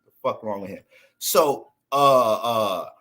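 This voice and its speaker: Slow and fairly low-pitched, this American man is an astrologer ranting on a casual livestream. He keeps it animated, cracking jokes, swearing and laughing along the way.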